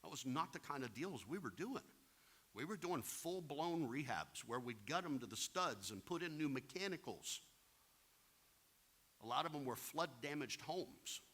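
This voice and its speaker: A man's voice: mid-range voice, pushed and bright. A plain-spoken man giving a real estate investing seminar, talking directly to the audience and acting out anecdotes. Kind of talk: seminar talk with acted-out anecdotes.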